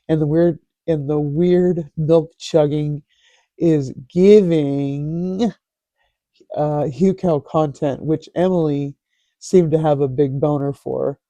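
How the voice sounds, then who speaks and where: Man, sarcastic commentary host, slow-talking, dry close sound. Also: on the high side, warm tone, no room sound. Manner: sarcastic, mocking. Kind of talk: casual commentary reading posts aloud.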